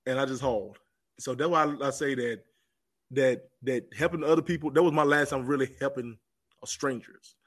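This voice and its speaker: Animated man telling a story. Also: medium pitch, normal speed. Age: adult with children. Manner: animated, repeats phrases for emphasis. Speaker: podcast guest. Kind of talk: casual storytelling.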